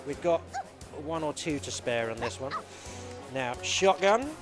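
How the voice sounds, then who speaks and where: A man's voice: on the high side, a little slow, music in the background. Man explaining his speedrun live. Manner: explanatory, steady, with many fillers. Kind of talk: live commentary of his own game run.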